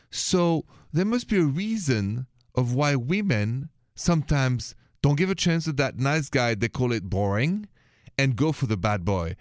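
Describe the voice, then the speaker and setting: A man's voice: medium pitch, no echo, studio quality. A middle-aged man with a French accent hosting a late-night call-in radio show, emphatic and fond of French greetings. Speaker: radio talk show host.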